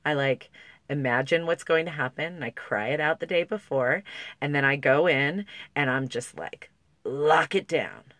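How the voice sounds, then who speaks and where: A parenting vlogger, a woman, talks candidly to camera in a casual way, emotional and on the verge of tears, with lots of "likes" and restarts. Her voice is low-pitched and a bit bright, at normal speed, with no room sound.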